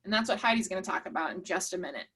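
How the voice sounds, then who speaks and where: A woman's voice: fairly low pitch, lively intonation, very fast, sharp tone, husky. A woman leading an online workshop, encouraging and reading out participants' chat replies. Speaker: workshop presenter.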